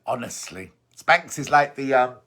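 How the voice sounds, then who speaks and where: A middle-aged man hosts a sewing show, reading viewer comments aloud and gossiping and teasing about them in a casual live chat. His mid-range voice has lively intonation and a pushed, bright tone, and he takes his time.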